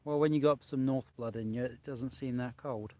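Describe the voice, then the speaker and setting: A man's voice: mid-range voice, fairly even intonation, normal speed, warm tone. A man hosting a casual live stream outdoors by a lake, chatting and reading out viewer comments, filmed on a handheld phone. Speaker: vlog host.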